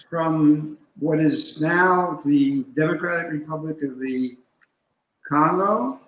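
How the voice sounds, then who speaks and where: A man speaking as a guest scholar, explaining in a deliberate, instructive way and stopping to spell out terms. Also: a little high, roomy sound, low-quality recording. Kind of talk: teaching in a conversation.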